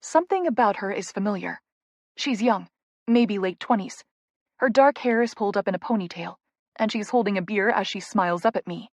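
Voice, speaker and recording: A woman narrating a first-person romance audiobook in a soft, intimate, emotional way. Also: mid-range voice, dry recording.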